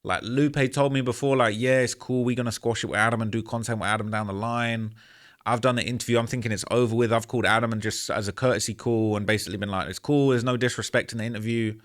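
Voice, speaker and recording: A man's voice: mid-range voice, steady tone, fast, fairly bright tone. A man telling a story to camera in a candid, rambling way, frustrated and earnest, often saying "man" and "bro.". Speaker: YouTuber recounting a story to camera. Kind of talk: casual storytelling monologue.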